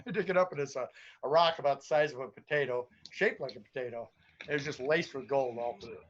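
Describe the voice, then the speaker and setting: Animated man telling a prospecting tale. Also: medium pitch, fast. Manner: animated storyteller who acts out voices and sounds. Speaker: guest gold prospector. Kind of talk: casual storytelling on a live stream. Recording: muffled lo-fi stream audio.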